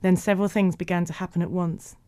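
A woman narrating a storybook in an even, measured way. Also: lowish voice, dry recording, clean studio sound.

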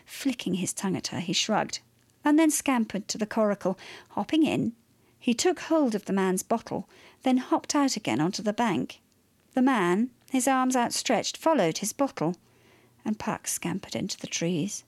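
A woman narrating a children's story in a lively, expressive way. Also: medium pitch, moderate pace, no room sound.

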